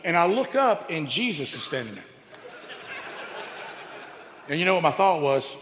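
A middle-aged man telling a comic story on stage, animated and jumping into quoted voices. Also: normal speed, big-room sound, some chatter behind, slight background noise. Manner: animated, acts out quoted voices with big pitch jumps. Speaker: stand-up comedian. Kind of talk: stand-up storytelling.

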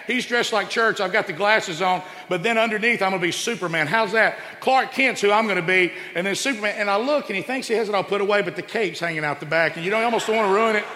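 A middle-aged man telling a comic story on stage, animated and jumping into quoted voices. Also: a little fast, in a large hall. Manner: animated, acts out quoted voices with big pitch jumps. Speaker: stand-up comedian. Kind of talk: stand-up storytelling.

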